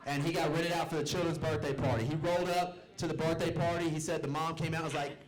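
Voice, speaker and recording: Quick-paced and steady, with a fairly high pitch, a young man from the American South performs stand-up in a comedy club. He tells stories in a loose, self-deprecating way, playing the characters in them.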